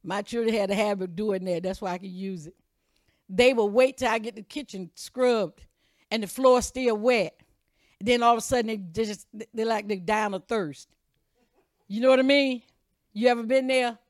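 Woman preacher, fervent sermon delivery, highish voice, dry sound. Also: normal speed, pauses often, dry recording. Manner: impassioned preaching, swings from loud calls to low asides; reads scripture aloud and comments between verses.

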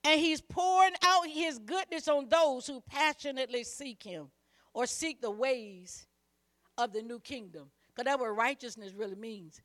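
In a high-sitting voice with a fairly bright tone, a woman delivers a sermon at a measured pace. Her style is forceful and repetitive, and she keeps prompting the congregation to repeat after her.

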